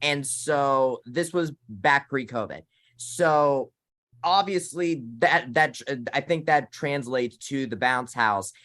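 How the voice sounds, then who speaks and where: A man's voice: medium pitch, slow pace, a bit bright. Young man, college student, casual sports chat, hesitant, restarts a lot. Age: 20s. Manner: hesitant, many restarts and fillers. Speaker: podcast co-host, college student.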